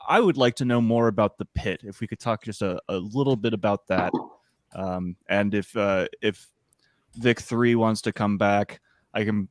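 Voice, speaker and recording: A man's voice: lowish voice, dry recording, clean studio sound. A man playing a tabletop game who speaks diplomatically and hedges a lot. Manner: diplomatic, hedging. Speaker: player. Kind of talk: casual tabletop play.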